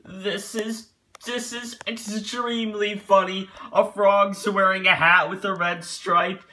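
Slow, giggly man with a bright voice. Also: high-pitched, flat delivery. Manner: giggly and repetitive, laughing at each picture in singsong chants; mock-scolding and talking to the picture maker directly. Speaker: YouTuber reacting to pictures. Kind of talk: comedic reaction commentary.

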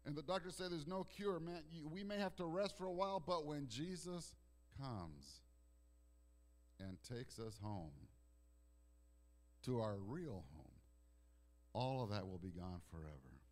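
A male pastor preaches from the pulpit of a church. He swings from ringing declarations to near-whispered, drawn-out phrases. He often repeats a word or restarts a phrase before pressing on. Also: mid-range voice, animated. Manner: dramatic swings between loud declarations and hushed, slow passages. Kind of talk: sermon. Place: church sanctuary.

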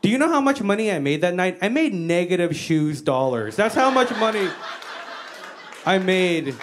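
A woman's voice: on the low side, sing-song, moderate pace, noisy background. An American woman doing a stand-up comedy set on stage, brash, profane and self-mocking. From United States. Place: comedy stage before a live audience.

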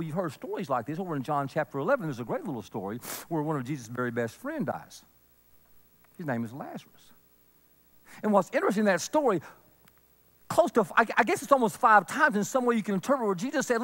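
A man preaching a sermon, earnest, swinging from loud emphasis to a near whisper. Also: high-pitched, very animated, quick pace. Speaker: pastor.

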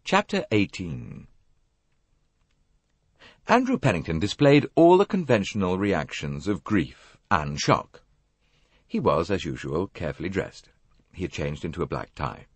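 Low-voiced male audiobook narrator. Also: big pitch swings, slightly rough, dry recording. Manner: measured storytelling. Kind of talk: scripted narration.

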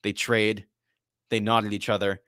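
Low-voiced man chatting sports predictions. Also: level tone, moderate pace, a bit bright, dry recording, clean studio sound. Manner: storytelling, conversational with fillers. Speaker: podcast host. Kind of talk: casual sports prediction chat.

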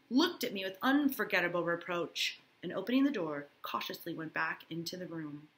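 A woman's voice: medium pitch, sing-song, fairly quick, sharp tone. A woman teacher reading a novel aloud to her class and breaking off for casual asides, often checking in with "right?".

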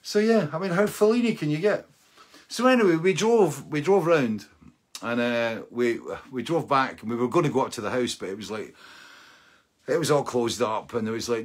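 A middle-aged man with a husky, slightly breathy voice. His pitch sits in an ordinary middle range. He hosts a live-streamed show and tells a long, wandering story, laughing often and checking in with his listeners along the way. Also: moderate pace. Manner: rambling and animated, laughing often and tagging lines with "right?". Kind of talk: casual anecdotal storytelling.

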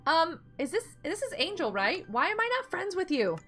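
A woman's voice: very high voice, sing-song, normal speed, fairly bright tone, faint music behind. A woman live-streaming a block game, chatting casually and encouraging her friends with lots of giggles.

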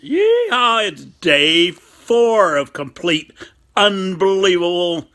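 A man's voice: high voice, a little slow, sharp tone, low-quality recording. A man in his seventies hosting a casual video diary, exuberant and given to whooping and hollering. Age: 70s. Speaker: vlog host.

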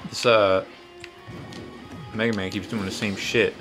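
A man's voice: on the low side, flat delivery, measured pace, music in the background. A man hosting a podcast, talking casually while he plays a fighting game, rambling and swearing with self-deprecating humor. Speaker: podcast host and tattoo artist.

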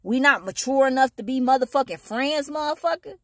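A woman vlogger ranting at home in a heated, blunt and profane way, at times rising to loud, high-pitched outbursts. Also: expressive, brisk, no room sound, clean studio sound. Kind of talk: ranting monologue to camera.

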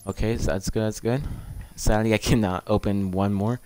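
A man's voice: lowish voice, fairly even intonation, moderate pace, darkish tone, a little hiss or hum. A man hosting his gaming channel. He chats casually, keeps calling viewers "guys", and pleads eagerly for the items he wants. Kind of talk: casual game commentary.

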